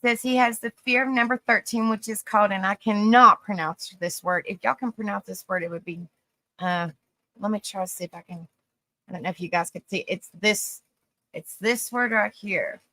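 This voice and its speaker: A woman's voice: medium pitch, normal speed, sharp tone, no echo. A woman with a Southern US accent reading facts aloud on a livestream, stumbling over hard words and chatting with viewers. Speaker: host.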